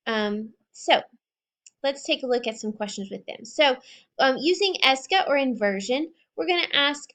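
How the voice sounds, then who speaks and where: A woman teaching a French grammar lesson, speaking clearly and carefully and repeating each example sentence slowly. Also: high voice, lively intonation, a bit bright. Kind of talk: recorded classroom lesson.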